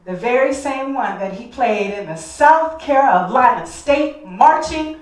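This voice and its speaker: Speaking a little slowly in a high voice with lively intonation, a woman shares a heartfelt personal story from a live stage, addressing the audience directly. The recording, made in a hall, sounds echoey from a distant mic.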